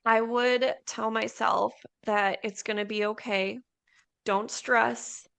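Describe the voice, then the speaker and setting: A woman guest on a farm podcast, speaking in a relaxed, candid and blunt way. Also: a little high, slow pace, creaky, clear, resonant tone. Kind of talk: casual interview chat.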